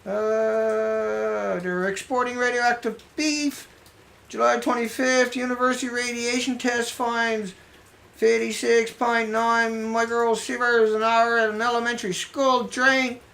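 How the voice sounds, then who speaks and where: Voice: medium pitch, level tone, unhurried, vocal fry, fairly bright tone. A video blogger reading out news headlines in a rambling, sarcastic way, muttering asides to themself.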